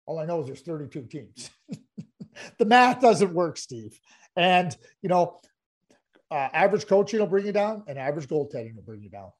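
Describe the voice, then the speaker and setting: A man's voice: on the high side, moderate pace. A middle-aged man co-hosting a hockey podcast, telling stories in casual chat and often repeating words as he gets going. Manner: storytelling, animated, repeats words. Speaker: podcast co-host, former hockey executive.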